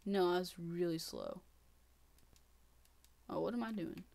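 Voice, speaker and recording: A woman talking casually over her own gameplay as a channel host. She keeps up a stream of half-whispered grumbling to herself. Every so often it breaks into sharp, exasperated exclamations. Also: fairly low pitch, unhurried, vocal fry. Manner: mutters and whispers to herself, with sudden frustrated outbursts.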